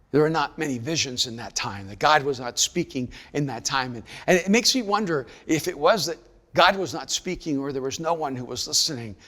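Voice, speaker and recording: A man preaching a sermon, moving from quiet storytelling to raised, emphatic delivery. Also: medium pitch, long reverb tail. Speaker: pastor.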